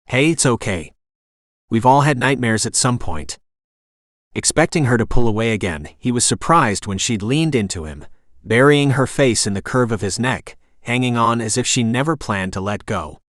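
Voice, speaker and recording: A man narrates a romance novel with steady, even delivery. His voice sits at a middling pitch. The recording is dry and close, with no room sound. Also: no echo. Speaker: audiobook narrator. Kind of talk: scripted narration.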